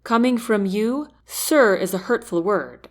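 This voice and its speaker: A man's voice: high voice, animated, a little slow. A woman voicing a dry, teasing young male soldier who is recovering from wounds, in an audiobook. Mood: wry.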